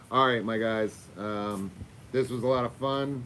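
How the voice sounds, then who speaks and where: A Florida man hosts a casual livestream sign-off, chatting loosely with viewers and his dog and swearing now and then. His voice is lowish and fairly bright, and he speaks unhurriedly over slight background noise.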